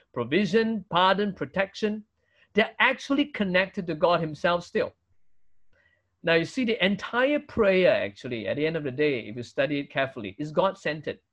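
High-voiced Singaporean pastor preaching emphatically. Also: male voice, muffled recording. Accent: Singaporean English. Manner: emphatic preaching, rhetorical questions with tag "right?". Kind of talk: sermon.

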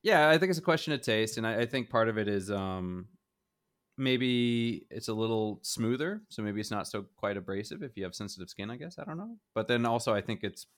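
A man's voice: on the low side, expressive, a little fast, a bit bright. A middle-aged man co-hosting a casual gaming chat show, rambling and hedging with frequent chuckles. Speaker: podcast co-host.

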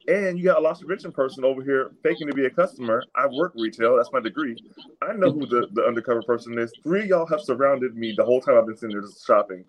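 A young man on a casual podcast chat, telling stories with lively acted-out quotes. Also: mid-range voice, rough recording. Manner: animated storytelling, acts out the people he quotes. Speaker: podcast co-host.

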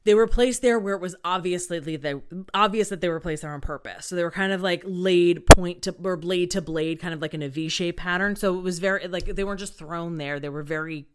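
A woman's voice: on the low side, a little fast, hardly any pauses, clean tone. A woman hosting a podcast, casually retelling a true crime case with lots of "um" and "like". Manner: chatty, many fillers like "um" and "like".

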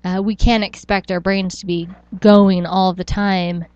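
A woman's voice: mid-range voice, flat delivery, unhurried, darkish tone, no echo. A woman co-host chatting casually on a podcast, rambling and restarting her thoughts as she goes. Her voice sits in a middle register, recorded close and dry with a slightly dull, lo-fi tone. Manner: rambling, self-interrupting, with frequent laughs. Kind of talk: casual chat.

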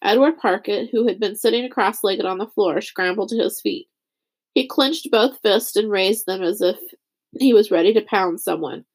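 A woman reading a chapter book aloud as narrator, raising her pitch for the characters' lines. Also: moderate pace, slightly rough. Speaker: audiobook reader. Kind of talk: scripted narration.

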